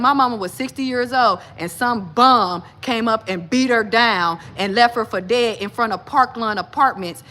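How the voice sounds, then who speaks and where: A woman with a somewhat high voice delivers an emphatic personal monologue to her viewers. She keeps addressing them directly and pushes hard on every point. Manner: emphatic, talks straight to viewers as y'all; grows agitated and loud, pitch climbing. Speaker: vlogger.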